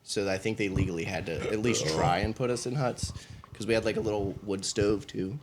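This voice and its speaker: A man's voice: lowish voice, steady tone, a little fast, background noise. A man from the United States co-hosting a podcast, telling basic training stories in a casual, profane way and laughing often. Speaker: podcast co-host. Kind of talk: casual storytelling chat.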